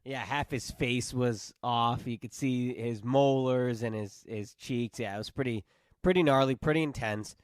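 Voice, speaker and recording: A man guesting on a podcast as a film critic, relaxed as he recaps the plot in casual chat. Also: mid-range voice, normal speed, smooth, no echo, clean studio sound.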